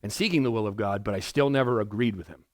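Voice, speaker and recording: In a church sanctuary, a male pastor with a fairly low voice gives a conversational, verse-by-verse sermon at a quick pace. His delivery is casual and rambling, full of restarts and asides, and the studio-quality audio has no echo.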